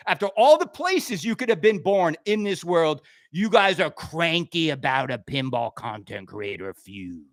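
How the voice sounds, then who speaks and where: High-voiced ranting middle-aged man. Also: no echo, clean studio sound. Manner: animated, swinging between loud outbursts and quiet asides. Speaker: pinball show host. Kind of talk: ranting monologue.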